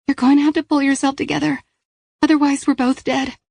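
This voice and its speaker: A woman's voice: sits high, little pitch movement, fairly quick, vocal fry, a little mellow, dry recording, voice pushed up. Woman voicing a scared pregnant teenage captive. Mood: urgent. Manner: strained, urgent, pleading. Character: frightened pregnant teenage girl held captive.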